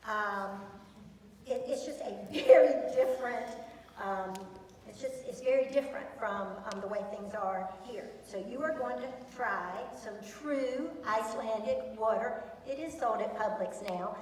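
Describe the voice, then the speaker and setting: A woman teacher talks to students in a chatty, enthusiastic way, filling her pauses with ums. Her voice sits a little high. She is picked up from a distance in a large hall with long, booming reverb. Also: darkish tone, slight background noise. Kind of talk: presentation to students. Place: large echoey school hall. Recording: echoey hall from far off.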